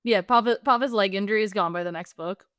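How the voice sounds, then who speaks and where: A woman's voice: mid-range voice, a bit bright, no echo, clean studio sound. A woman co-hosting a podcast in casual chat, teasing her co-host and asking questions. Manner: teasing, quick to laugh, asks questions.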